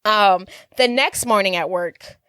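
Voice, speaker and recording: A woman's voice: medium pitch, unhurried, a bit bright, clean tone, dry recording, clean studio sound. A young woman in her twenties co-hosting a casual podcast, recapping with wry asides. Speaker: podcast co-host. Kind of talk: casual chat.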